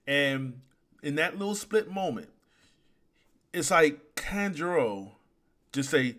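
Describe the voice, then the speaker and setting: A man giving an animated, exasperated casual commentary as a reviewer, swearing freely. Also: fairly high pitch, takes it slowly, long pauses. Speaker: anime chapter reviewer.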